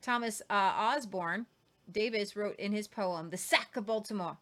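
A woman's voice: medium pitch, moderate pace, fairly bright tone. A woman hosting a casual history talk, reading quotes aloud with jokey asides and stumbles over names. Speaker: host.

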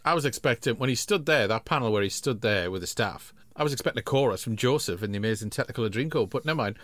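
A man's voice: mid-range voice, lively intonation, fast, a bit bright, no room sound. A man co-hosting a podcast, making wry jokey asides about a comic. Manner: wry, jokey asides with droll put-on quotes. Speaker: podcast co-host. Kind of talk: casual comic chat.

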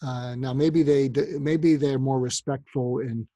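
A man's voice: medium pitch, measured pace, no room sound. A man who counsels parents, giving advice as anecdotes and acting out the voices in his stories. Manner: animated storyteller, acts out quoted voices.

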